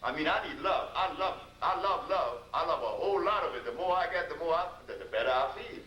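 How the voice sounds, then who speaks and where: A man's voice: fairly high pitch, expressive, quick pace, pushed and bright. A man giving a storytelling lecture as a healer, folksy and repetitive, acting out dialogue. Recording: echoey room, distant mic, noisy.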